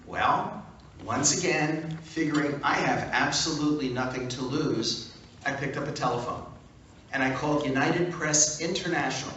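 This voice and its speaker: A man speaking at a fan event, telling an animated, punchy anecdote to a crowd. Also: mid-range voice, normal speed, dull audio, a little hiss or hum. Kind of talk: storytelling talk. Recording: echoey hall from far off.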